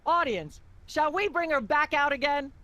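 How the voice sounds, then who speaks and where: Myra, a pompous talk show host. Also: female voice, high voice, lively intonation, moderate pace, noisy background. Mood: condescending. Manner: droning blah-blah tirades, sugary scorn.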